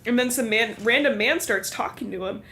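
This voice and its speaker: Animated young woman recapping a novel. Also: fairly high pitch, brisk, slight background noise. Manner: animated, laughs often, acts out characters' lines. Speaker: podcast host. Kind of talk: casual book-club chat.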